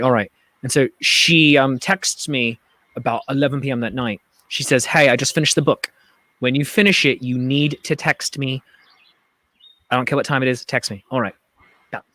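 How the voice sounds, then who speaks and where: A man hosting a casual livestream chat, telling stories in an animated way, acting out other people's voices and gasps. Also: medium pitch, no echo. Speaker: host.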